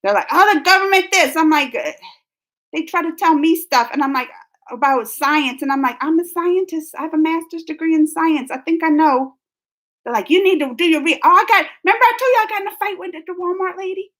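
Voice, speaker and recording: Young female streamer, high voice, chatty and fired up, laughs easily. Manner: rambling, animated and indignant, with quick laughs. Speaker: streamer reading live chat. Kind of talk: casual live-stream chat.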